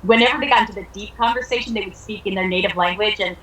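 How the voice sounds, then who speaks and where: A woman's voice: mid-range voice, rapid-fire, fairly bright tone, echoey room, a little hiss or hum, poor audio. A woman from Long Island, an actress guest chatting playfully in an interview and laughing often. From Long Island, New York. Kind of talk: casual interview chat.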